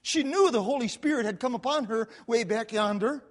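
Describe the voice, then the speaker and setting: A man preaching a sermon, telling the story with lively repetition and quick asides, recorded in a church sanctuary. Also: extremely high pitch. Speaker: pastor. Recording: long hall reverb.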